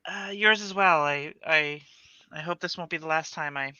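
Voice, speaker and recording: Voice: mid-range voice, normal speed, sharp tone, clear, resonant tone, dry recording, lo-fi sound. A player voicing a flustered young woman vampire. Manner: stammering, flustered.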